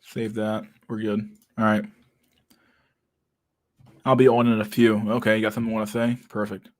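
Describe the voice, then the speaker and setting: A man's voice: on the low side, little pitch movement, moderate pace. A man hosting a casual livestream, reacting to memes with loose, profane talk and frequent laughter.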